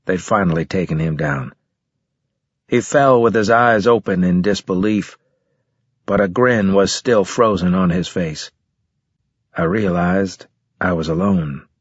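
A man reading a first-person story aloud in a steady, measured way with grim weight. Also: sits low, slightly rough, no echo, muffled recording. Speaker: audiobook narrator. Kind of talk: first-person scripted narration.

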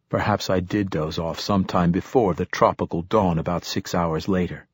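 A man narrating a first-person novel in a measured, reflective way. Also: deep voice, fairly even intonation, husky, no room sound. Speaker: audiobook narrator.

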